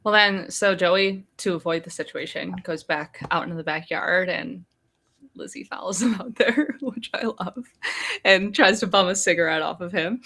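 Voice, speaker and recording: A woman's voice: fairly low pitch, moderate pace, gravelly. Chatty woman retelling book scenes. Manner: reads book passages aloud in a flat retelling, lively reactions. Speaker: podcast co-host. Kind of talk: casual book discussion on a live stream. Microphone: video call.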